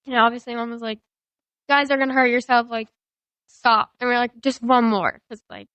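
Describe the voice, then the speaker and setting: Young adult daughter, higher-pitched, chatty filler-heavy delivery, dry mic. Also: female voice, steady tone, normal speed, a bit bright, no room sound. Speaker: guest, daughter. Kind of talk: casual family podcast chat.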